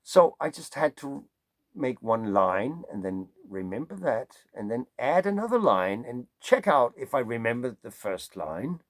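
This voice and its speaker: A man's voice: medium pitch, very animated, unhurried, no room sound. A man from Denmark with a Danish accent, a songwriter musing in a rambling, digressive way and playing with vowel sounds. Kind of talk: casual musing monologue.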